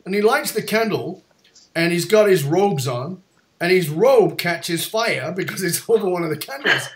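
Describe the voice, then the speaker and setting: A man hosting a podcast, telling a story with animated retold dialogue and frequent restarts. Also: high voice, moderate pace. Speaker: podcast host. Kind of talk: storytelling in conversation.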